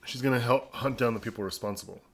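A man co-hosting a casual podcast, relaxed and amused. He talks in a halting way, restarting and trailing off as his thoughts catch up. His pitch sits in an ordinary middle range. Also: vocal fry, slightly rough. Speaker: podcast co-host. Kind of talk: casual recap chat.

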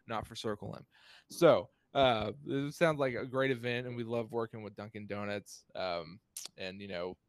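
A man's voice: medium pitch, dry recording, studio quality. A man hosting a casual chat, upbeat and jokey, laughing often. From Texas. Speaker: host.

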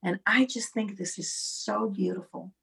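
Husky, gravelly middle-aged woman storyteller. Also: medium pitch, measured pace. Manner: storytelling, animated, with restarts. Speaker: songwriter guest. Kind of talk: casual podcast conversation.

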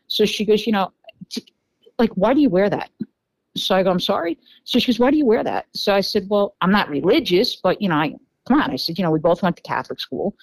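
A woman with a New York accent telling a dating story in a casual podcast interview, animated and full of fillers, acting out quoted dialogue. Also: medium pitch, fast, dry recording, rough recording. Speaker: podcast guest.

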